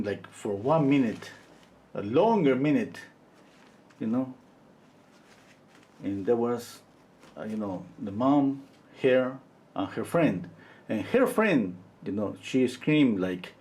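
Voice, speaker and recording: A man in his fifties, a portrait painter chatting casually on a livestream and telling rambling, animated stories. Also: medium pitch, slow, pauses often. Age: 50s. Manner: rambling, animated storytelling full of "you know".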